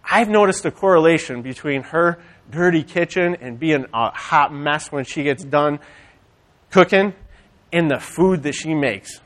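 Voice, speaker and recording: A man preaching a sermon, animated and conversational, swinging from loud rallying calls to quiet storytelling. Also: fairly high pitch, unhurried. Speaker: church speaker.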